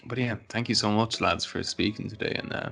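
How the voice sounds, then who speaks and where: A man's voice: fairly low pitch, fairly even intonation, a little fast, vocal fry, bright, forceful tone, soft background music. A man from Poland hosting a casual podcast chat, rambling with lots of fillers. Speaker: podcast host.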